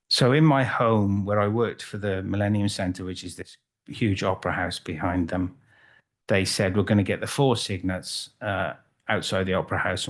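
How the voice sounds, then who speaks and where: A middle-aged man from Wales, giving a chatty, self-deprecating conference talk as a photographer, with frequent restarts. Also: low voice. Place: conference hall.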